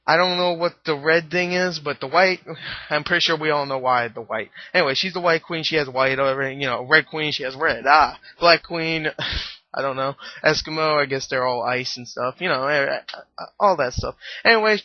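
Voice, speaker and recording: A man's voice: fairly high pitch, moderate pace, dry recording. Rambling joking man, dull lo-fi sound. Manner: joking, rambling, laughs at own jokes. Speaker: movie reviewer. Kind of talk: casual rambling film review.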